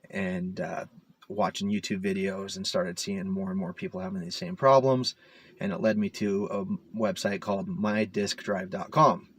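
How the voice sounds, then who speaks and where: A man rambling casually to the camera as a DIY car repair vlogger, full of fillers and self-mocking asides, recorded inside a parked SUV. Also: lowish voice.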